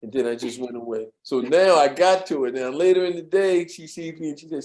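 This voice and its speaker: A man's voice: a little high, a little fast. A man being interviewed, telling casual anecdotes from an old workplace, chuckling often and acting out the voices of the people he quotes. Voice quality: animated storyteller who acts out quoted voices. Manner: chuckles often, repeats words while recalling. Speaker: interview guest.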